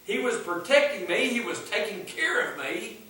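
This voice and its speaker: In a church sanctuary, a man delivers a fervent sermon, emphatic and repeating his refrains. His high, expressive voice is pushed and bright at a moderate pace, heard from far off in the echoing church.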